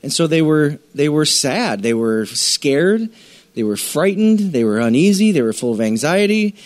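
A man's voice: fairly high pitch, very animated, moderate pace. Conversational man teaching a Bible lesson. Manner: conversational, asks the audience questions, many fillers. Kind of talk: informal sermon to a group.

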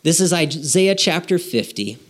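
A man's voice: on the high side, animated, unhurried. A man preaching a sermon to his congregation in a conversational way, asking rhetorical questions and checking in with "okay?". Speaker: pastor. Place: church.

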